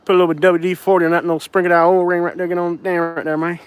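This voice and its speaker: A man imitating a laid-back cartoon Southern guy with a rushed, drawling mumble. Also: sits high, flat delivery, smooth, no room sound, close to an everyday voice.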